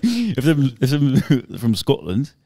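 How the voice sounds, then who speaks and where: A man co-hosting a casual podcast chat, relaxed and rambling, swearing casually and laughing. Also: medium pitch, slow pace, gravelly, no echo. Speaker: podcast co-host.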